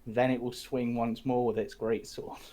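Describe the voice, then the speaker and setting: A man's voice: mid-range voice, level tone, normal speed, crowd noise. A man narrating as game master for an online tabletop game, explaining rules steadily and laughing often. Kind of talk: running a tabletop game over voice chat.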